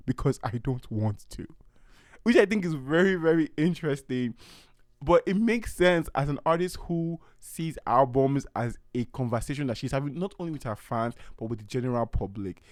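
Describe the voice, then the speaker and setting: A man hosting a solo podcast, talking through pop culture in an animated way and acting out quotes in playful voices. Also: mid-range voice, normal speed, no room sound, clean studio sound. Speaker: podcast host.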